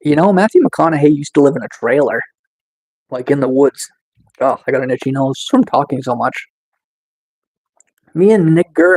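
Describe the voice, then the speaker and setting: A man casually chatting on a livestream, reading chat and answering slowly with lots of fillers, just getting over a cold. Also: fairly high pitch, a little mellow, poor audio. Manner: slow, laid-back, chill delivery with many fillers. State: recovering from a cold.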